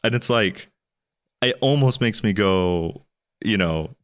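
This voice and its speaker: A man co-hosting a podcast, chatting casually about a movie, rambling and restarting with sudden animated jumps in pitch. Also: takes it slowly, smooth. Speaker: podcast co-host. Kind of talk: casual movie review chat.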